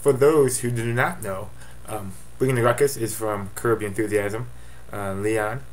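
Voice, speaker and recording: A man's voice: on the low side, steady tone, moderate pace. A man giving a casual webcam update as commissioner of his fantasy football league, offhand and rambling with jokey asides.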